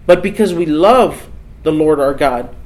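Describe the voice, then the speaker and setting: A man's voice: on the high side, animated, measured pace, darkish tone, poor audio. A man preaching a sermon in an earnest, emphatic way, repeating key phrases for weight.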